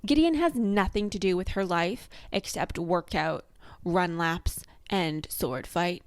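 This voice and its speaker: A woman's voice: fairly low pitch, slow, smooth, no room sound. A young woman casually recapping a novel with wry, playful asides. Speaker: book recap vlogger.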